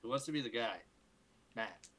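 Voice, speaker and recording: A man's voice: mid-range voice, lively intonation, moderate pace, a bit bright, a little hiss or hum, poor audio. A man reading fan fiction aloud to a group for laughs, in a mock-dramatic way, stopping to joke and swear. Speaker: group reader. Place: home recording for a livestream.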